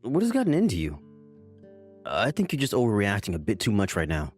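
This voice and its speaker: A man's voice: on the low side, huge pitch swings, a little fast, soft background music. A man playing a defensive, evasive husband in a dramatized story, placating and brushing off complaints. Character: defensive, evasive husband trying to please his mother.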